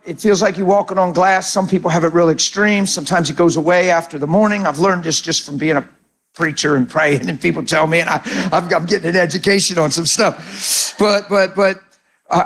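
A male pastor with a notably high voice preaches a sermon on prayer. He tells stories in an earnest, animated way, pressing his point home.

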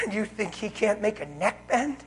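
A man preaching a live sermon in a church, wearing a mic, fervent and swinging between loud exclaiming and hushed talk. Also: high voice, expressive, moderate pace, a little hiss or hum, low-quality recording. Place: church service.

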